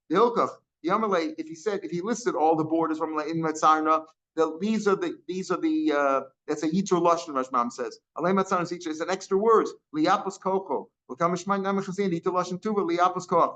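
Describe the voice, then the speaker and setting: Explaining a daily Talmud class line by line, a man mixes English with Aramaic and Hebrew terms and often restarts or repeats phrases. His voice runs on the high side with a sharp tone, captured in a dull lo-fi recording.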